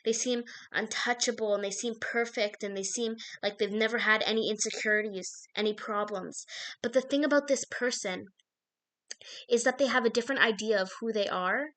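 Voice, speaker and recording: A woman's voice: on the high side, moderate pace, fairly bright tone. Rambling woman giving a card reading. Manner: meandering, filler-heavy, self-interrupting. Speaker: intuitive card reader. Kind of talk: spoken intuitive card reading.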